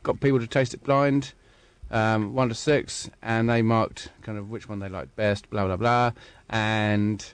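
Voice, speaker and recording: A man's voice: on the low side, fairly even intonation, measured pace, hardly any pauses, smooth, dry recording. A man talking casually about wine on the radio, hesitant with many fillers and restarts. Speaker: wine commentator. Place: radio studio. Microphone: studio mic.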